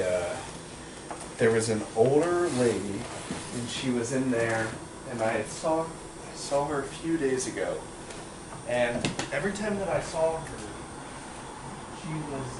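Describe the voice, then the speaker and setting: Young man, casual storyteller, rambling, fillers, roomy echo, loud background noise. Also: mid-range voice, unhurried. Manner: rambling, full of fillers, acts out quoted voices. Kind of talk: casual anecdote.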